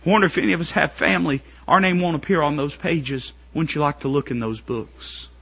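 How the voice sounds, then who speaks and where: A man preaching a sermon to his congregation, building up to shouted, strained pleading climaxes. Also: a little high, a little fast, creaky, slightly rough, dull audio.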